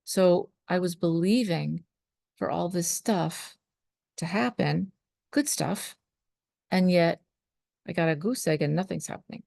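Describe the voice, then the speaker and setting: Woman, spiritual coach, earnest motivational talk, gravelly, dry close sound. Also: fairly low pitch, a little slow, long pauses, darkish tone, no echo. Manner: earnest, coaching, asks viewers "right?".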